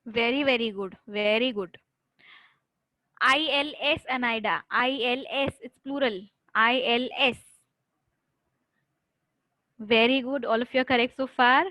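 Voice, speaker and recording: A woman's voice: fairly high pitch, unhurried, pauses often, sharp tone, no room sound, poor audio. A woman with an Indian English accent teaching a French class online, patient and repetitive, switching between English and Hindi and praising students by name. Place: online class via chat.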